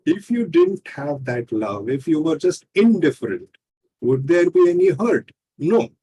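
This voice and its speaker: Male guest, mellow husky tone, teacherly rhetorical delivery. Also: a little high, big pitch swings, rough recording. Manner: measured, teacherly, rhetorical questions. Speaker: guest, healing coach. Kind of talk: calm explanatory interview talk.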